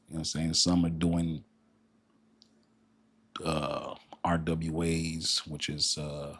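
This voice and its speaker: A man's voice: very deep voice, breathy edge, no room sound. A man from Haiti with a Haitian accent, hosting a casual crypto livestream and chatting with viewers in a rambling way, often repeating words.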